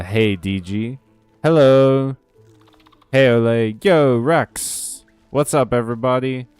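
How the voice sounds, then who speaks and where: A man's voice: mid-range voice, darkish tone, clean tone, no room sound. A man chatting casually on a game stream, rambling and ranting, often laughing between thoughts, talking close to a desk mic.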